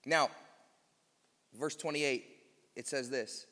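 A man with a high-pitched voice delivers a sermon at an unhurried pace, stretching out the key phrases for emphasis. His voice rings with a long reverb, as in a church sanctuary. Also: animated, fairly bright tone. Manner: slow, emphatic preaching, drawing out key phrases. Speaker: pastor.

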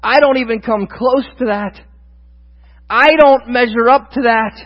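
Speaking unhurriedly in a very high voice, this pastor preaches with moments of candid, out-loud thinking that build into emphatic proclamation. The recording has a dull quality and lingering hall reverb.

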